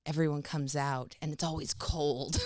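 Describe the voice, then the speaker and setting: A woman from the United States co-hosting a casual comedy podcast, a lively storyteller who laughs often as she talks. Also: low-pitched, moderate pace, dry recording. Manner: laughs often while telling stories. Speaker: podcast co-host.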